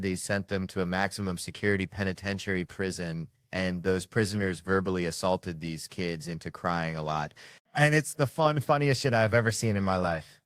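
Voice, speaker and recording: A man telling a comic story on stage, animated and profane, full of exaggeration. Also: low-pitched, dry recording. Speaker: stand-up comedian.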